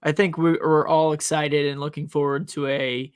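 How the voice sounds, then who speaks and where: A man's voice: on the high side, little pitch movement, moderate pace, clean tone, dry recording, studio quality. A man co-hosting a sports podcast, chatting casually and rambling with frequent restarts. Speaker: college professor, podcast co-host.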